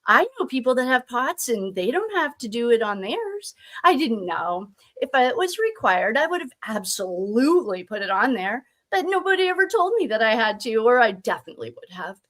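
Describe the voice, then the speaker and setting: A woman's voice: fairly high pitch, sing-song, normal speed, hardly any pauses, a bit bright. A woman reading the part of a flustered middle-aged mother on the witness stand, breezy and evasive. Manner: breezy, evasive, eager to agree.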